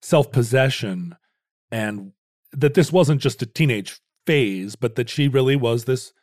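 A man's voice: mid-range voice, expressive, a little slow, a little mellow, no room sound, studio quality. A man co-hosting a podcast, chatting casually with playful banter. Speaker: podcast co-host. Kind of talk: casual chat.

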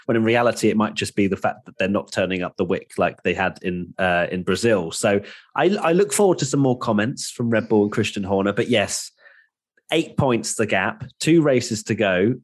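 A man's voice: lowish voice, lively intonation, moderate pace. A man hosting a casual podcast chat, chatty and upbeat with jokey asides. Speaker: podcast host.

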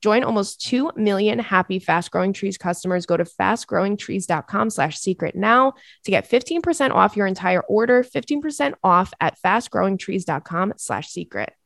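A woman's voice: medium pitch, expressive, moderate pace, creaky, hardly any pauses, fairly bright tone, no echo. A young woman hosting a podcast, chatting casually and emotionally, reading out listener letters with lots of fillers. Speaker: podcast host.

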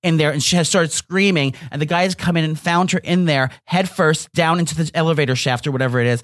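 A woman's voice: sits low, fast, no room sound, clean studio sound. Blunt, foul-mouthed young woman. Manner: blunt, profane, joking. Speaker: podcast co-host. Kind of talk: casual chat.

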